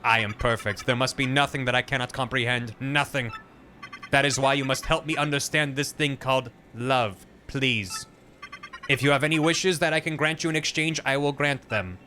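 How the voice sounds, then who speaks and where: A man voicing a proud male computer who speaks in a stiff, measured, formal way and is puzzled by feelings. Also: mid-range voice, fairly even intonation, bright, forceful tone, faint music behind, natural voice. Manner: stiff, measured robotic delivery.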